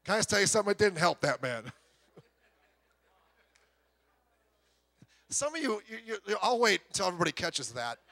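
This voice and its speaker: A man's voice: sits high, a little slow, vocal fry, long pauses, no room sound. A middle-aged male pastor preaching in a conversational, joking way, telling stories and acting out voices. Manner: animated storyteller, acts out voices, rising to loud exclamations. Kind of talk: conversational sermon with humor.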